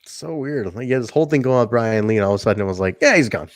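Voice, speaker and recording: A man co-hosts a wrestling podcast in a loose, chatty way, laughing and acting out lines as he goes. His voice sits in a middle pitch. The sound is close and dry. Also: rapid-fire, no room sound. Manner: animated, laughs often, acts out quotes. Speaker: podcast co-host. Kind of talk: casual wrestling review chat.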